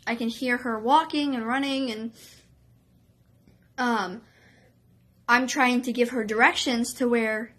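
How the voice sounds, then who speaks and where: Female vlogger with a high-ish voice, excitable storytelling full of fillers. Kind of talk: storytime vlog.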